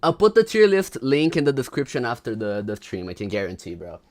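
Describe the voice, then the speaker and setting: A man hosting a livestream in a loose, chatty way, greeting viewers one after another and hyping up the show ahead. His voice sits at an ordinary middle pitch for a man. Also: wildly swooping pitch, a little fast. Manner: chatty, greets viewers by name, hypes up the crowd. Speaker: livestream host. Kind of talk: casual livestream chat.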